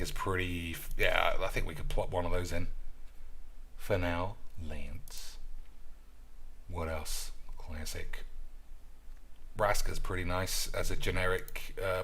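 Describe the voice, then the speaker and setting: A man's voice: low voice, fairly bright tone. A man streaming as he builds a card game deck, rambling, joking, swearing and chatting to his audience in a casual way.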